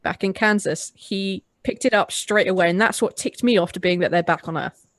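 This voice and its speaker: A woman's voice: mid-range voice, brisk, no echo. A woman co-hosting a casual movie review, sarcastic, swearing freely and often restarting her sentences. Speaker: podcast co-host.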